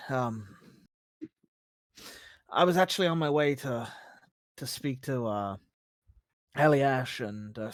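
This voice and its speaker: A game master voicing a nervous male ally soldier who talks in a hesitant, halting way full of fillers, in a tabletop game. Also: mid-range voice, dry recording, clean studio sound, close to an everyday voice.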